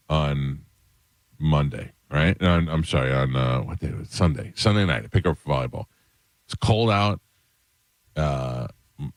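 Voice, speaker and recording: Deep-voiced man telling family stories. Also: no echo. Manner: storytelling, acts out family dialogue. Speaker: radio host. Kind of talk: morning radio chat. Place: dry radio studio.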